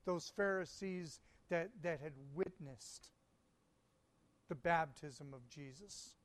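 Slow, high-voiced male preacher. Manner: slow, deliberate preaching with emphatic pauses; reads scripture aloud. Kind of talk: sermon.

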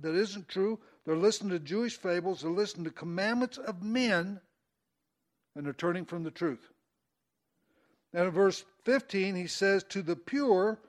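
A man preaching in an informal, conversational way, reading Bible verses aloud and explaining them in plain folksy speech. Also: high voice. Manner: conversational, folksy, rising emphasis on quoted verses.

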